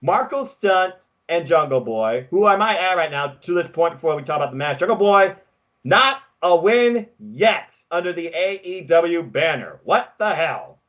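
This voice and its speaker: A man co-hosting a podcast, recapping wrestling in casual chat with excitable, quick play-by-play. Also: a little high, muffled recording. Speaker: podcast co-host.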